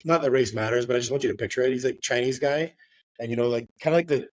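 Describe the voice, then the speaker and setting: A middle-aged real estate agent, guesting on a casual storytelling interview, recounts a work story in an easygoing, rambling way. He talks fast at an ordinary middle pitch, leans on fillers, often ends with "right?", and swears now and then. The recording is close and dry, with no room sound.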